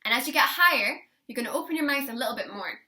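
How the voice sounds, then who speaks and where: A young woman teaching a singing lesson, encouraging her students and demonstrating warm-up lines for them to copy. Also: high-pitched, expressive, fast.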